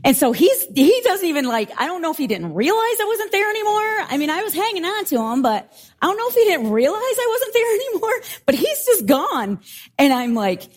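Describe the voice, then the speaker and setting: A middle-aged woman preaching a sermon and telling a story in an animated, laughing way. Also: extremely high pitch, a little fast. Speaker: pastor.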